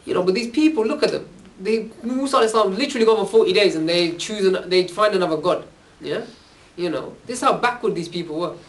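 A man's voice: high-pitched, lively intonation, quick pace. A man giving an informal religious talk to young people, telling stories casually and checking in with a questioning "yeah?" after nearly every phrase. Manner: casual, conversational storytelling. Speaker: religious speaker. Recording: distant from the mic.

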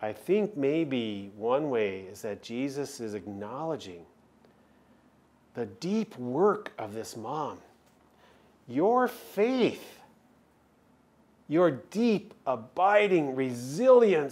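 Slow earnest preaching man. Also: medium pitch. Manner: earnest, emphatic preaching with dramatic pauses. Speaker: chaplain. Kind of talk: sermon.

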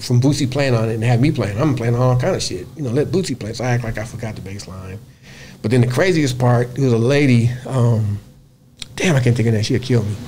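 A man who plays bass, guest on a radio interview, telling a story in a lively, profane way, acting out other people's voices and humming bass lines. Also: a little hiss or hum. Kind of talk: animated storytelling in casual interview. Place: radio studio.

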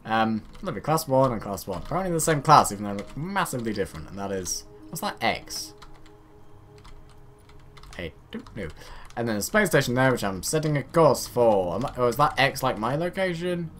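A gaming video host plays a space game, his medium-pitched voice sing-song, brisk and a little bright. He rambles casually, pokes fun at himself and tosses chatty asides to himself as he goes.

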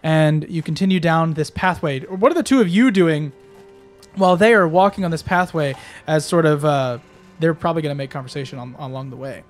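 A man narrating as game master, rambling with many fillers and quick laughs. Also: on the high side, soft background music.

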